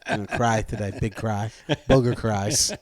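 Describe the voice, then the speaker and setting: A man's voice: fairly low pitch, steady tone, moderate pace, a crowd in the background. A man who is a guest on a podcast, talking bluntly, joking and swearing casually.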